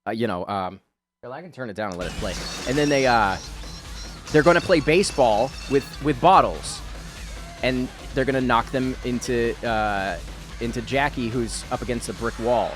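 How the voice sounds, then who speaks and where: A man's voice: mid-range voice, normal speed, faint music behind. A man hosting a drawing video, rambling in casual chat, often laughing and swearing offhandedly. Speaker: video host.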